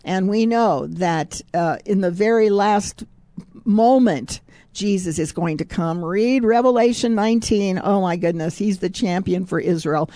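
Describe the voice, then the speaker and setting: A woman hosts a devotional Christian radio show, working through Bible verses and daily confessions. She talks in a chatty, unpolished way, laughing often and correcting her own slips. Her voice is warm and mellow, recorded close and dry on a studio mic. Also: medium pitch, unhurried, dry recording. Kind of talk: devotional radio talk with scripture reading.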